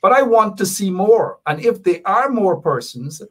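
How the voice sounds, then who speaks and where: Activist guy on a talk show, kinda high voice, slow careful answers, keeps repeating his point. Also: big pitch swings, fairly bright tone. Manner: measured and deliberate, repeats points for emphasis. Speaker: activist guest.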